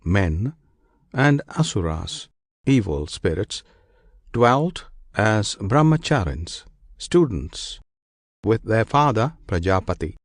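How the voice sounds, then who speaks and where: A man narrates ancient scripture at an unhurried, deliberate pace, letting each phrase settle before the next. His lowish voice rises and falls with lively, expressive pitch. The recording is dry and close, with no room sound. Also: no room sound. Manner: slow, measured recitation with solemn pauses. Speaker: audiobook narrator.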